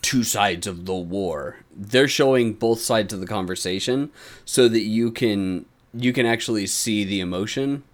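A man's voice: on the low side, unhurried. A man hosting a casual anime podcast, rambling, swearing and laughing often. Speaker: podcast host.

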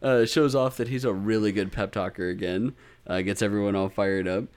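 Lowish male podcast co-host, tired and giggly, swears a lot, squeaks out character voices in casual recap chat. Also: steady tone, brisk, a little mellow, smooth. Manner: laughs often, swears freely, acts out characters in high squeaky voices. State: tired, drinking.

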